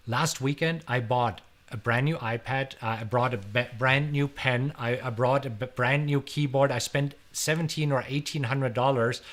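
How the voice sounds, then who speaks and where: A middle-aged German man with a German accent hosts a live stream, answering viewer questions. His voice is a little high, and he's energetic and chatty, often repeating words.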